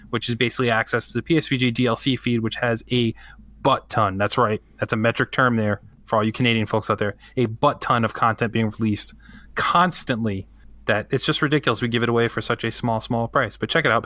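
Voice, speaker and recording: A man hosts a gaming podcast in casual, teasing banter. His voice is bright and forward. The sound is dry and close, with no room around it. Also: mid-range voice, dry recording. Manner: jokey, quick to tease. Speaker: podcast host. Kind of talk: casual banter and show outro.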